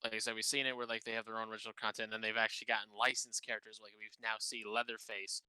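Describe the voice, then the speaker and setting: A man co-hosting a casual gaming podcast, excitable, swearing often and laughing a lot. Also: lowish voice, very fast, smooth, dry recording, poor audio. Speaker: podcast co-host.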